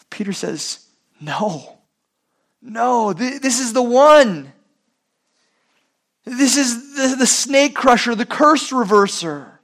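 A man preaching a sermon, asking rhetorical questions and using sports analogies. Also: very high-pitched. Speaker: pastor.

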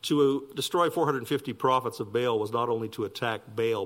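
A man preaching a sermon, his voice swinging from soft, low asides to loud, high emphasis. He speaks in a middle register and presses hard on key points. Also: a little fast. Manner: animated preaching, rising loud and high for emphasis, dropping soft for quiet lines. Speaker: pastor.

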